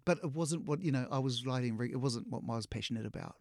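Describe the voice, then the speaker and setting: A man's voice: mid-range voice, fast, no room sound, studio quality. A middle-aged man with a New Zealand accent, an actor being interviewed, telling casual stories and acting out what people said, laughing often. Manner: animated, acts out quotes, laughs often. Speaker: actor, guest.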